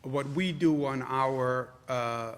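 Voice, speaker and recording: A man's voice: mid-range voice, slow, a bit bright, smooth. A man with a New York accent answering reporters at a press briefing as governor, combative and repetitive, building to emphatic outbursts.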